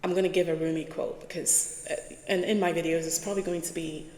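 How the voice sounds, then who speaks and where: A woman giving a casual spoken reflection, slow and emphatic, repeating key words and checking in with "right?". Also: fairly low pitch, flat delivery, a little mellow. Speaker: spiritual reflection host. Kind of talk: casual spoken reflection while writing on a board. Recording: echoey room with long reverb.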